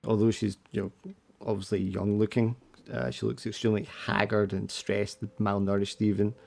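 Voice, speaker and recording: A man's voice: lowish voice, level tone, normal speed, vocal fry, a little mellow. A man narrating a tabletop horror game as game master, describing scenes with loose fillers like "uh" and "like".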